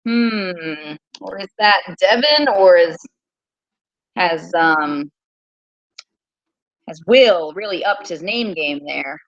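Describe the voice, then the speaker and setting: A woman teacher hosting a casual quiz livestream from her small home, chatty and repeating things slowly. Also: on the low side, lively intonation, dry recording, muffled recording.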